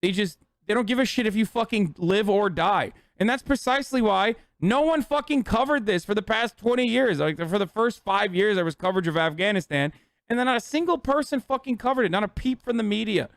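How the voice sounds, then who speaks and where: A man's voice: high-pitched, expressive, brisk, gravelly, a bit bright, dry recording. Angry profane man ranting, dry close mic. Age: 30s. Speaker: streamer. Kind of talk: heated political commentary.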